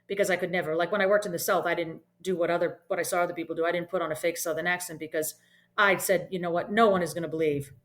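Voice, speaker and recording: A woman's voice: fairly low pitch, fairly even intonation, racing, fairly bright tone. Earnest middle-aged woman from Boston. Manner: earnest, reflective, often adds "right?". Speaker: podcast guest, leadership consultant. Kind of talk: casual interview talk.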